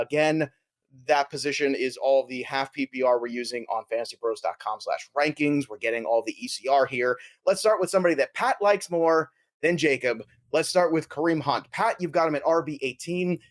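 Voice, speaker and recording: An energetic, jokey American man hosting a casual fantasy sports podcast. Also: fairly high pitch. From United States. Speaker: podcast host.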